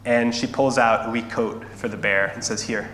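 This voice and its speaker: Preacher guy, earnest, goes slow n quiet for the big points, roomy hall echo. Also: mid-range voice, steady tone. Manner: earnest, slowing and softening for emphasis. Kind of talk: sermon with scripture reading and storytelling. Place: large echoing church hall. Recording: echoey hall, faint hum.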